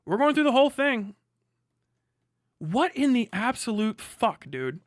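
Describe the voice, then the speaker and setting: A man's voice: very high-pitched, very animated, unhurried, dry recording, clean studio sound. A man on a live stream reacting to an article he reads aloud, exasperated and profane, firing off rhetorical questions.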